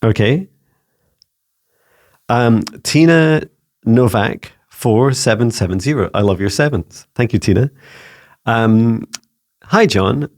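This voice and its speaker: A man's voice: mid-range voice, slow pace, long pauses. A man and psychic mentor answering viewer questions in a rambling, casual way. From Scotland. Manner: warm-hearted, rambling, frequent restarts and fillers.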